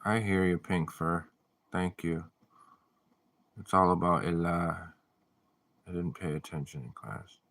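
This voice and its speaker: Deep, slow-talking man streaming live. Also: fairly even intonation, gravelly, a bit bright, no echo. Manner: playful, jokey, reads viewer messages aloud. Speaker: livestreamer reading chat. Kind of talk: casual live-stream chat.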